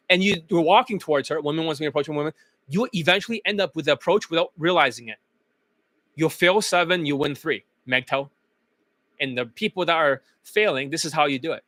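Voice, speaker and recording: A man's voice: a little high, a little fast, fairly bright tone, no room sound. A male dating coach delivering a blunt, profane motivational monologue, chanting phrases over and over.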